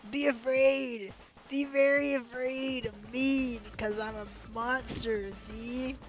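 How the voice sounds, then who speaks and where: A hammy spork monster bellows theatrical threats, as a woman puts him on. The voice sits a little higher than her usual talk, with faint music underneath. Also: fairly even intonation, slow, low-quality recording. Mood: menacing. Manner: loud, theatrical menace. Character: boastful male spork monster.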